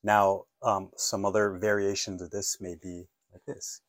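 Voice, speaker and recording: A man's voice: low voice, little pitch movement, measured pace, dry recording, studio quality. A man teaching an English lesson, patiently walking learners through phrases and asking them to repeat after him. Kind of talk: online language lesson.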